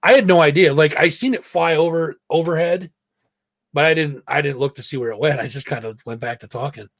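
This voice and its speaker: A man's voice: a little high, fairly even intonation, a little fast, fairly bright tone, no room sound. A man hosting a live stream show, telling a school story casually with lots of swearing and acted quotes. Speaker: host.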